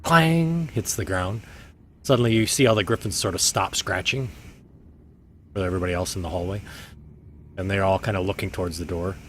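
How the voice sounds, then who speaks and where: Low-voiced male game master. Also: brisk, pauses often, slight background noise. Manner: relaxed, many fillers. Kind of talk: narrating a tabletop game.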